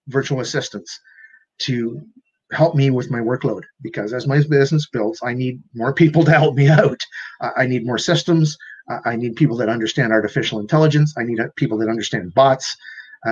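A man's voice: medium pitch, breathy edge, highs cut off. A man working as a life coach, giving an earnest motivational talk and often repeating and restarting his words.

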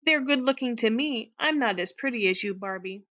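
A woman's voice: a little high, expressive, moderate pace, fairly bright tone, highs cut off. A woman voicing a humble, admiring shabby doll in a read-aloud storybook. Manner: humble, eager to please.

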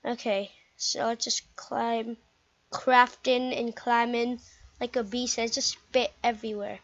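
Young woman, high voice, excitable game commentary, dull lo-fi mic. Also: slow pace. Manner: excitable, chatty, exclaiming. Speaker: gameplay commentator.

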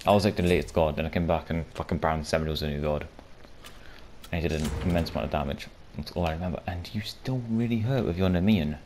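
A man giving casual, rambling commentary over his own gameplay, swearing often and breaking into loud shouts and laughter. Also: low voice, fast, a little hiss or hum. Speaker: gaming video creator.

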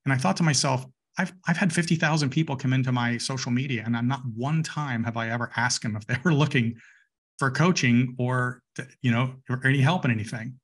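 A man who is a guest on a podcast, telling stories from his sales work in a relaxed, conversational way with quick restarts. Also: mid-range voice, husky. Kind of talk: casual interview chat.

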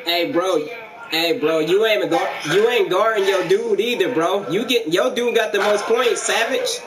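A man's voice: high-pitched, unhurried, a crowd in the background, poor audio. A man trash-talking his teammates and opponents in a casual, profane way while playing an online basketball game. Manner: profane, mocking trash talk. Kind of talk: casual gaming commentary with trash talk. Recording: loud background noise.

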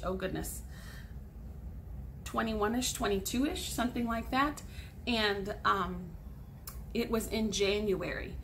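A woman's voice: mid-range voice, fairly bright tone, a little hiss or hum. A woman in her forties, a sixth grade teacher, patiently explaining grammar step by step in a recorded lesson for students at home.

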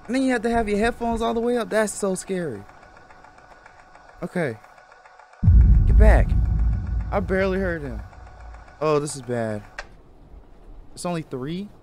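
Jumpy high-voiced man playing a horror game. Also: lively intonation, measured pace, pauses often, a little hiss or hum. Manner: nervous, jumpy reactions. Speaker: gaming YouTuber. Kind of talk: horror game let's play commentary. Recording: loud game music behind. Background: game music.

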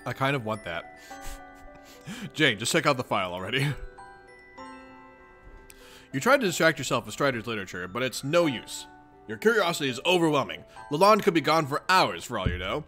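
A man's voice: mid-range voice, normal speed, pauses often, faint music behind. A man casually reading a webcomic aloud to his viewers, laughing often and chatting with them between lines. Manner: giggly, excitable, talks to chat. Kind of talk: casual read-along commentary.

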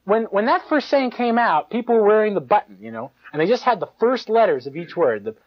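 Male preacher, loose conversational sermon, lively pitch, lo-fi live recording. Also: brisk. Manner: animated, conversational preaching with mocking asides and chuckles. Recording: dull lo-fi live tape.

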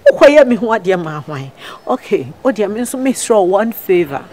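A woman's voice: medium pitch, sing-song, moderate pace, darkish tone. A woman playing a pleading Ghanaian wife. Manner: pleading, exasperated. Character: harassed married woman begging a stalker. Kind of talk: web drama acting.

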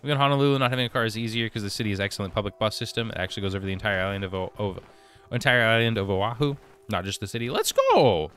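Male streamer, lower register with a bright edge; reads chat aloud and riffs casually. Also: lively intonation, rapid-fire. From United States. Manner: reads viewer comments aloud and answers them chattily. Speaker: gaming streamer reading chat. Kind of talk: casual live-stream chat while gaming.

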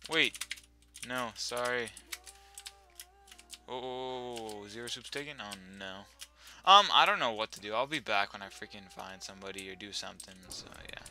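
A young man at home giving excitable, swearing commentary over his own gameplay, now and then yelling at his dog. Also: lowish voice, normal speed, faint music behind. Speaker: gaming YouTuber.

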